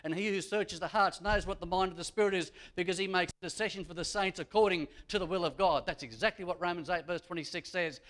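A man's voice: high-pitched, fast talker, hardly any pauses, fairly bright tone. A man preaching a sermon as a pastor. He builds emphasis and repeats his key phrases. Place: church.

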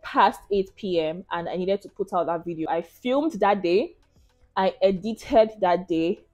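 A woman's voice: on the low side, darkish tone, muffled recording. A young woman with a Nigerian accent, chatting casually to viewers in a question-and-answer vlog and laughing often. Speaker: YouTuber.

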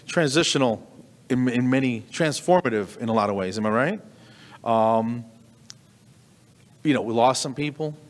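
Middle-aged man, stand-up comedian, animated storyteller, mid-pitched voice, long hall echo. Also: normal speed, long pauses. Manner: animated storytelling, sudden high squeaks of disbelief.

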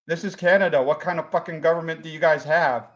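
A man doing a clueless Jacksonville visitor, halting. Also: fairly high pitch, steady tone, lightly acted. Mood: naive, earnest. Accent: put-on Jacksonville, Florida. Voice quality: hesitant, halting, naive delivery.

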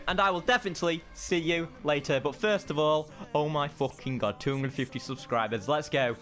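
Young male gaming host, frustrated and animated commentary. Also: on the high side, fairly quick, faint music behind. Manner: excitable, frustrated outbursts and self-mocking asides. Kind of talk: casual gameplay commentary.

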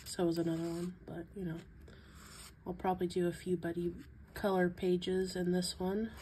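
A woman's voice: fairly low pitch, little pitch movement, moderate pace, warm tone, slight background noise. A woman chatting casually to her channel viewers from home, her voice stuffy from a sinus infection, chuckling and stumbling over words now and then. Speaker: coloring book YouTuber. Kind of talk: casual vlog chat.

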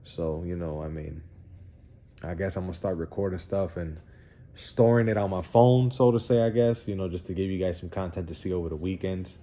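In a low, mellow voice with fairly even intonation, a Puerto Rican-heritage man talks a little fast. His casual vlog walks through his wheel shop, and he's laid-back and rambling, with curse words and plenty of "you know" fillers.

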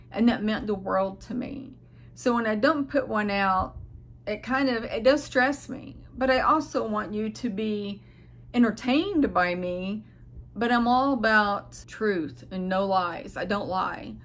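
A woman's voice: mid-range voice, a little slow. Tired, rambling middle-aged woman vlogger. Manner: rambling, hesitant, searching for words; earnest, heartfelt address to viewers. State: tired and unwell. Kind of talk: casual personal vlog monologue.

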